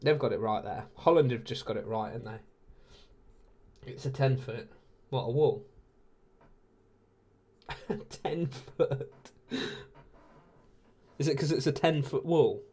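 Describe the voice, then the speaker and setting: A man's voice: mid-range voice, slow, long pauses, mellow, breathy edge. Man, late twenties, English accent, casual stream chat, laid-back, laughs a lot. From England. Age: 20s. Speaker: streamer hosting a watch-along. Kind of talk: casual chat with live viewers.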